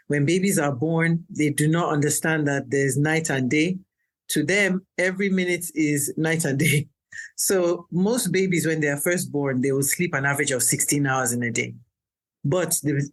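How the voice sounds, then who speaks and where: A woman pediatrician, a guest on an educational podcast, explaining newborn care in a calm, practical way. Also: low-pitched.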